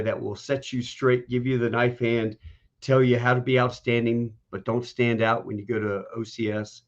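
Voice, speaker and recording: A man hosting a podcast, telling stories in a casual, animated way and acting out the people he quotes. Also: mid-range voice, lo-fi sound. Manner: animated, folksy, acts out quoted voices. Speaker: podcast host. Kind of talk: casual storytelling chat.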